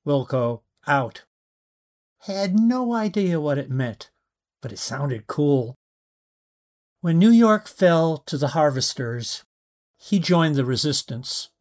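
A man narrating a short story in a gentle, unhurried late-night style. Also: fairly high pitch. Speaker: storyteller in a weekly flash fiction podcast.

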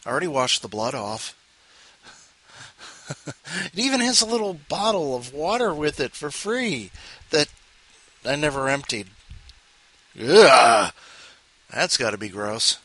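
Lively, bright-voiced male podcast host. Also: fairly high pitch, normal speed, pauses often. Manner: self-mocking, rambling asides. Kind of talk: casual chat.

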